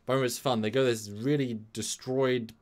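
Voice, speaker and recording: A man co-hosting a casual chat, recapping a story from memory in a rambling, animated way with sudden jumps in pitch. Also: fast talker. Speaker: podcast co-host recapping an episode from memory.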